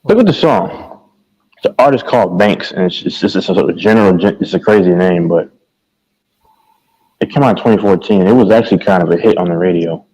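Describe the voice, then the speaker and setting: A man's voice: low voice, fairly quick, darkish tone, low-quality recording. A man in casual chat about music, rambling, repeating himself and hunting for names.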